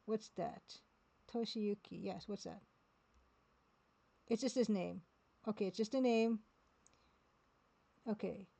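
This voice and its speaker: A woman streaming a game live, talking casually and haltingly as she sounds out words one by one. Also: mid-range voice, creaky, mellow.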